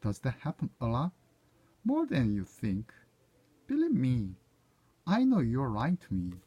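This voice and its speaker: A man's voice: mid-range voice, wildly swooping pitch, unhurried, warm tone, slightly rough, lo-fi sound. A man whose first language is Korean, reading short everyday English dialogue lines aloud one by one to proofread them, sometimes correcting himself. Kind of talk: reading practice phrases aloud.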